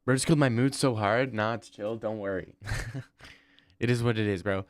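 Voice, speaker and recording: A man's voice: fairly low pitch, moderate pace, dry recording, studio quality. A young man hosting a livestream, chatting casually and reading viewer comments, rambling and slangy. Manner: rambling, slangy, says "bro" often. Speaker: livestream host.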